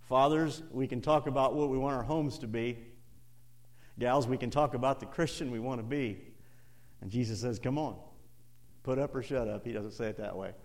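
A middle-aged man preaching an evening sermon, laughing often and swinging from hushed asides to loud, rising passages. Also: mid-range voice, moderate pace.

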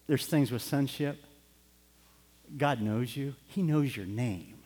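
A man's voice: mid-range voice, takes it slowly, pauses often, darkish tone. A middle-aged man preaching a sermon, telling a personal story in an earnest way and building to fervent urging. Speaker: pastor. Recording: long hall reverb.

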